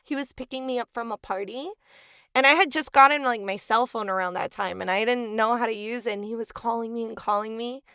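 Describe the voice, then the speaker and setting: High bright-voiced woman, chatty. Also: brisk, smooth, dry recording, clean studio sound. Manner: animated storyteller, laughs often, acts out quotes. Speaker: podcast co-host. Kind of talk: casual chat.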